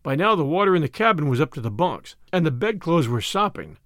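A man reading a first-person adventure story aloud in an expressive, dramatic way. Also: a little high, fairly quick, no echo, studio quality. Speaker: audiobook narrator. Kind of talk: first-person scripted narration.

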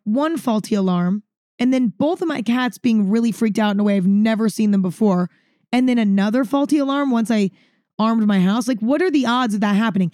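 A woman with a fairly high voice tells a personal story straight to camera. She is dramatic and emphatic, repeats words for effect and swears casually. The sound is dry and close, with no room echo. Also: a little fast, mellow. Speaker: vlogger. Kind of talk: storytime monologue.

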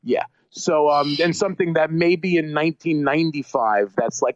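A man tells a long tour story in a casual interview, rambling and restarting as he goes. His voice is fairly high. The recording is dry and a little muffled and lo-fi. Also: normal speed, dry recording. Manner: rambling, animated, many restarts and fillers. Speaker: touring musician guest. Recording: slightly muffled dry lo-fi audio.

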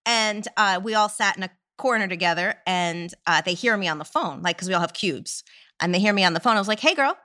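Podcast host, woman in her forties, bright tone, tells stories with lots of acted quotes. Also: mid-range voice, a little fast. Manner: animated storyteller, acts out quoted voices. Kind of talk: casual chat.

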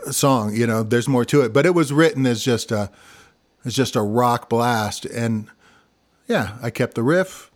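A man from Missouri with a gravelly voice and a slight country twang in his Midwestern speech, chatting loosely and laughing often. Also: medium pitch, a little slow. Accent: Midwestern American with a slight country twang. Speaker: guest singer-songwriter. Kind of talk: casual conversation.

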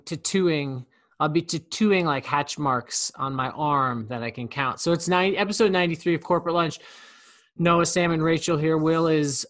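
A man's voice: fairly high pitch, fairly bright tone. A man co-hosting a podcast in casual chat, rambling with lots of fillers. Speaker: podcast co-host.

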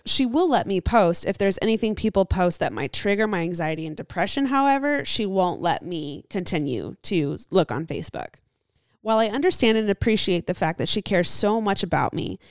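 A woman's voice: medium pitch, no room sound, studio quality. Young woman co-host reading a letter. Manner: reads aloud with asides and laughs. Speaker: podcast co-host. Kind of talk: casual podcast chat, reading a listener letter.

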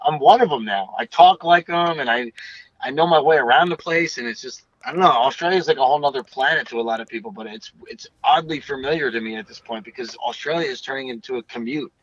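A man's voice: medium pitch, fast, husky, no echo, lo-fi sound. A young man chatting casually as an interview guest, rambling and swearing freely. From United States. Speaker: guest bassist.

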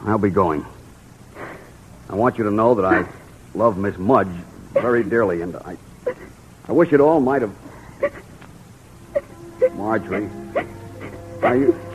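An actor playing an earnest poor young playwright. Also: male voice, fairly low pitch, unhurried, long pauses, over music, natural voice. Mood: regretful, then frantic. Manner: earnest, pleading. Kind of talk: 1940s radio drama acting. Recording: lo-fi old radio broadcast with hiss.

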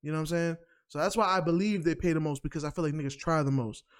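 A man with a fairly high, smooth and clear voice gives his opinions in casual podcast chat. He talks animatedly, often restarting his sentences. His tone stays loose and conversational. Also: fast talker. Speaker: podcast co-host.

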